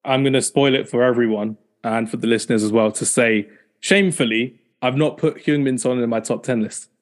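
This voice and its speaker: A man hosting a casual podcast and talking in a quick, chatty and upbeat way. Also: medium pitch. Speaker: podcast host.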